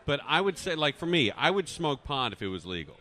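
A man co-hosting a live radio show from a casino event, teasing and brash in quick banter. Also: a little high, big pitch swings, bright, forceful tone. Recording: live broadcast from a venue.

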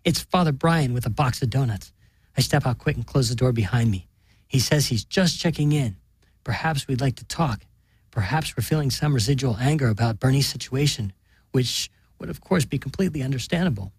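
A man reading fiction aloud as narrator, wry and deadpan in his delivery. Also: medium pitch, fairly quick, slightly rough, no room sound. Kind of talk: audiobook reading.

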